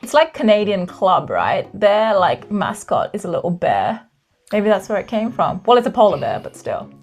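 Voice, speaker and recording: A woman's voice: mid-range voice, very animated, moderate pace. A woman hosting a podcast, telling a true story with dramatic pacing and wry asides. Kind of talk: storytelling narration.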